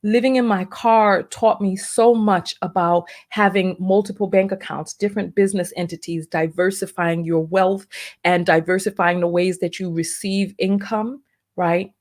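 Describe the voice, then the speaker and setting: A woman's voice: mid-range voice, steady tone, normal speed, darkish tone. Emotional woman holding back tears. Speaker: vlogger and entrepreneur. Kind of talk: emotional personal vlog.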